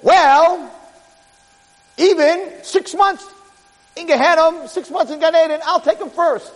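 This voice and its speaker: A man voicing a gleeful male Satan who shouts and gloats as he claims a soul, recorded in an echoey hall. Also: extremely high pitch, a little slow, pitched above the performer's own voice. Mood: gloating. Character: gleeful male Satan, prosecutor grabbing souls.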